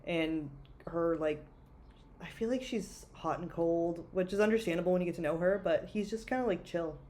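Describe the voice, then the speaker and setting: A woman's voice: fairly low pitch, moderate pace, mellow. A young woman co-hosting a book podcast, talking frankly and casually with lots of filler words. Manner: chatty, frank, heavy use of "like". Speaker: podcast co-host. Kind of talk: casual book-club chat.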